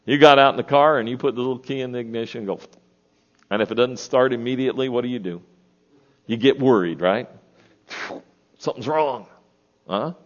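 A man's voice: medium pitch, brisk, pauses often. Man, sixties, pastor, folksy sermon, questions to the congregation, church, muffled recording.

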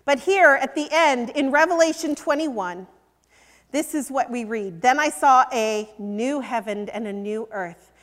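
Older woman, sermon, high voice, unhurried, earnest, emphatic, long hall reverb. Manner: earnest and emphatic, dropping to a hush on key points. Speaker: preacher.

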